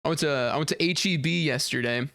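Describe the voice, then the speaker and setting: A man's voice: fairly high pitch, quick pace, pushed and bright, no echo, studio quality. A young man, chatting casually as a game streamer and rambling through a story. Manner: rambling storytelling, acts out quoted voices, laughs often. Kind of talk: casual chat while gaming. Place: home streaming setup.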